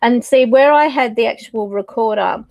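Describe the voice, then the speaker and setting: A woman talks casually to her viewers as a psychic medium, often losing her thread and groping for words. Her voice sits a little high and comes across dry and close on a desk mic. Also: moderate pace, vocal fry, a little mellow, no room sound. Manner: rambling, searching for words, fillers and laughs. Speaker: psychic medium and channel host. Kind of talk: casual talk to camera.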